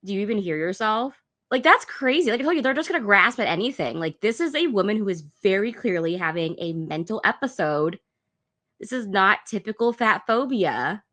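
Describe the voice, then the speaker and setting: A woman's voice: medium pitch, expressive, a little fast, a bit bright. A woman hosting a reaction video, giving blunt, sarcastic commentary on clips.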